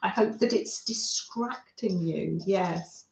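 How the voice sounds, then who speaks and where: A woman's voice: medium pitch, slow pace, gravelly. A woman hosting a craft livestream, chatting to viewers and reading their messages aloud in a gushing, friendly way. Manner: gushing, warm-hearted, reads chat aloud. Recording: roomy, slightly dull sound.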